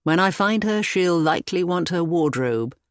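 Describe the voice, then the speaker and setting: Protective young gentleman, as a narrator puts him on, measured, mid-pitched, audiobook romance. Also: animated, no room sound, studio quality, lightly acted. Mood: earnest. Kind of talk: audiobook character voice.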